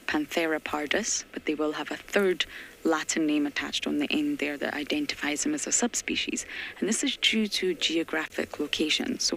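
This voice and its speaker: A woman safari guide talks quietly and chattily on a live game drive, often slipping into a breathy half-whisper. Her voice has a gravelly, creaky edge. Faint outdoor hiss and bush ambience sit behind her. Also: low voice, low-quality recording. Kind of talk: live wildlife commentary.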